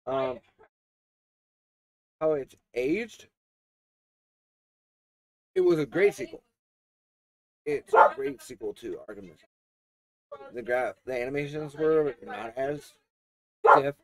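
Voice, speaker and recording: A man talks through a video game review in a casual, meandering way, full of fillers and restarts. His voice swings lively up and down while staying mid-pitched. He coughs and clears his throat now and then. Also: takes it slowly, long pauses. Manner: rambling, with many fillers and restarts.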